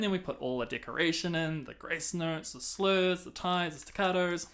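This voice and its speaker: A man's voice: fairly high pitch, moderate pace, hardly any pauses, over music. Man counting rhythms in a clarinet lesson. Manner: counts and sings rhythms, casual explanations. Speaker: clarinet teacher. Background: clarinet playing between talk.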